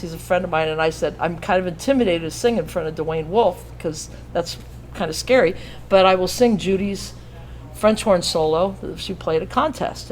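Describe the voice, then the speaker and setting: A radio host in her sixties addresses students in a school auditorium, her fairly low voice carried on a rough recording with a little hiss or hum. She tells a folksy, self-mocking story, singing bits and laughing at her own jokes.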